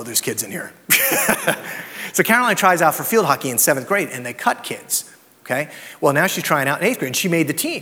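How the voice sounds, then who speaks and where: A man with a high voice preaches to his congregation. His talk is conversational, full of anecdotes and rhetorical questions. The sound rings with the long reverb of a church sanctuary. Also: pushed and bright. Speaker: pastor. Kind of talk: sermon.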